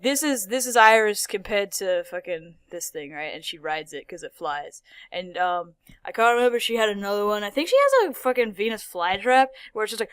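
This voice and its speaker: A woman's voice: medium pitch, fairly bright tone, clear, resonant tone, no echo. A woman vlogger chatting casually about a cartoon, rambling, swearing a lot and laughing often. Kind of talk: casual, profane chat.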